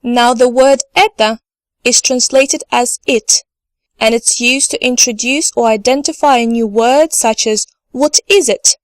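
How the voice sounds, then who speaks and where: Speaking a little slowly in a steady, high-leaning tone with no echo, a woman records a scripted online language lesson. Each word comes out carefully and twice, and she invites learners to echo it.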